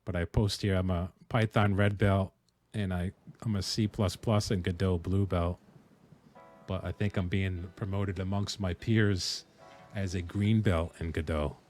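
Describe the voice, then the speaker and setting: A relaxed man from the Northeastern US talks casually on a live stream, thanking viewers and pausing often to think aloud. His voice sits fairly low, and faint music plays behind him. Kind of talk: casual live-stream chat while coding.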